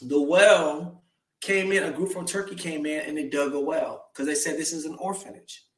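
Life coach guy, a bit higher voice, preachy and emphatic, sounds roomy and kinda far from the mic. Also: steady tone, normal speed. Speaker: guest, faith-based life coach. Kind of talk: casual conversational interview. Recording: roomy, slightly distant sound.

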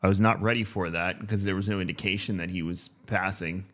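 This is a man in his thirties, co-hosting a relaxed podcast conversation. His voice sits very low. He rambles in an easygoing way, and his sentences are filled with ums and restarts. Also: brisk. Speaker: podcast co-host. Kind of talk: casual podcast chat.

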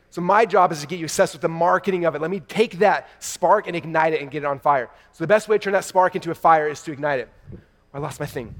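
Guy in his 30s doing a hyped keynote on stage, talks fast, voice a bit high, big hall echo. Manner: excited storytelling, addresses crowd as "you guys". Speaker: keynote speaker. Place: large event hall before a live audience.

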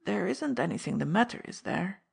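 A woman's voice: medium pitch, sing-song, brisk, full character voice. A woman playing a frail, frightened old crook. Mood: fearful. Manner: quavering, stammering, breathy whispers.

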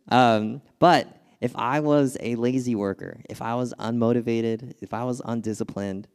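A man's voice: medium pitch, vocal fry. A young adult man from California preaching a sermon as a pastor, mixing casual storytelling with scripture reading and laughing now and then. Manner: animated, laughs at his own stories.

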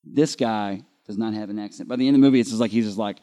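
A man hosting a movie podcast live at a convention panel, talking in an animated, sarcastic, jokey way. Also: on the low side, rapid-fire, hardly any pauses, big-room sound. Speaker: podcast host.

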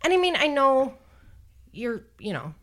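A woman hosts a true-crime podcast, discussing a case with her co-host in a bright voice whose pitch jumps around a lot. She's unhurried yet animated, blunt, and swears freely.

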